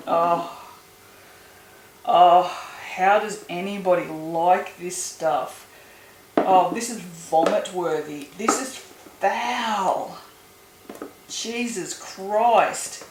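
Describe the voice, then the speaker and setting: A woman with a mid-range voice and vocal fry is making soap at home, chatting casually. She groans and swears in disgust at a smell. The recording has an echoey room with noise.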